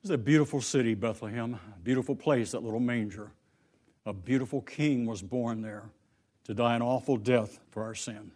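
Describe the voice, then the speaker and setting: A man's voice: mid-range voice, normal speed, darkish tone. A man preaching a sermon, telling a story and lifting his voice for the quoted lines.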